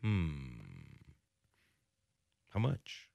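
A man's voice: lowish voice, drawn-out words, vocal fry, no echo, muffled recording. A young man hosting a sports radio show, joking casually with his co-host. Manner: joking, animated, does silly voices.

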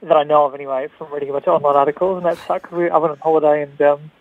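A man's voice: on the high side, little pitch movement, very fast, no echo, narrow, tinny audio. A man, a comedian guest, chatting on a radio show in a self-deprecating way and laughing often. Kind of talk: casual radio interview.

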